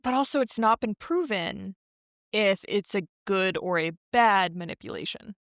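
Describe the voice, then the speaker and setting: A woman's voice: medium pitch, lively intonation, moderate pace, fairly bright tone, no room sound, dull audio. A woman co-hosting a podcast, chatting in an easygoing way and laughing along. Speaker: podcast co-host. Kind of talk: casual recap chat.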